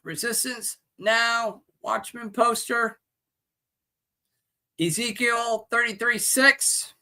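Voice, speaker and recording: Slow, bright-voiced ranting male host. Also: steady tone. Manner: loud, swearing, sales-pitch delivery. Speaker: show host. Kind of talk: profane rant and merch pitch.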